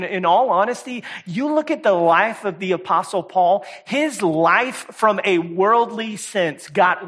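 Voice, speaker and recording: Male preacher, fairly high voice, casual sermon, repeats himself, loud then soft. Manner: conversational, repeats words and says "y'all" often; swings between loud emphatic and quiet soft delivery. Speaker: guest preacher. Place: church service.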